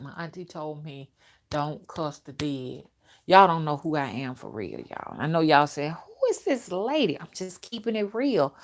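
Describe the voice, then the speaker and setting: An older woman hosting a casual live stream, talking bluntly and loudly to her viewers and laughing often as she reads their comments. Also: medium pitch. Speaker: spiritual reader and live-stream host.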